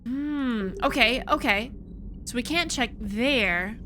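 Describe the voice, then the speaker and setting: A woman's voice: fairly high pitch, slow, pushed and bright, slight background noise. A woman streaming a video game, chatting casually, frustrated and swearing freely. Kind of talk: casual let's-play commentary.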